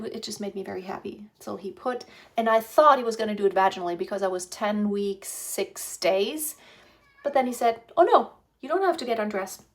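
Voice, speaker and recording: A woman's voice: medium pitch, vocal fry, fairly bright tone. Woman in her fifties, chatty and rambling, casual vlog, phone mic. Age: 50s. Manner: chatty, rambling, many restarts and fillers. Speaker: vlogger. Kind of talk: casual pregnancy vlog storytelling. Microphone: phone propped on a stand.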